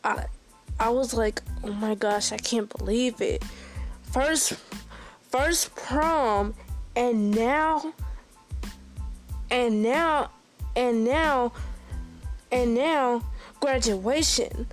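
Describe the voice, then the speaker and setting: A young woman talks slowly through her news in a fairly high voice. She keeps stopping to restart and exclaims often. Soft music plays faintly behind her. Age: young adult. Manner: repeats "oh my gosh", halting restarts. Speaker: recent high school graduate. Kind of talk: casual personal update.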